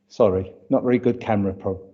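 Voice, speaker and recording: A man's voice: fairly low pitch, steady tone, fast talker, breathy edge. A man with a British accent leading a church livestream, chatty and greeting viewers by name, with a touch of hay fever. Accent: British English. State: hay fever, runny nose. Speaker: church service leader. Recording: dull lo-fi livestream audio.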